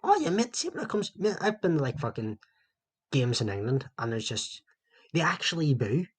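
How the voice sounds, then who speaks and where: Husky Northern Irish man, sweary banter. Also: on the high side, big pitch swings, moderate pace. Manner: sweary, banter-heavy storytelling. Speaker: podcast co-host. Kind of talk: casual chat between mates.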